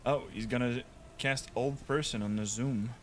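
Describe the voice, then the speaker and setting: A man running a tabletop game as game master, chatty and quick to laugh, often making sound effects. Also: medium pitch, steady tone, slight background noise.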